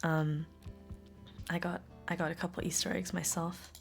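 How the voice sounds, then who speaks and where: A woman's voice: on the low side, little pitch movement, moderate pace, gravelly, faint music behind. A young woman, a live streamer, chatting casually and giggling often with her chat from home. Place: home room.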